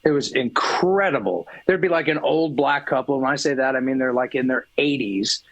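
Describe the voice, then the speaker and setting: A man's voice: mid-range voice, a little fast, no room sound, highs cut off. A man telling crude, swear-filled stories as a guest in a casual podcast chat. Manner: crude storytelling, swears freely. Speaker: guest musician.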